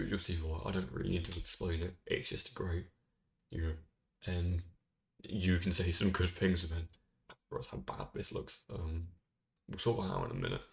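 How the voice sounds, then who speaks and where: A man's voice: low-pitched, vocal fry, a little mellow. A young man talking in a rambling, jokey way and swearing casually, as he records a casual commentary into a microphone in his bedroom. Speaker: tier-list video host. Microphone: desk microphone.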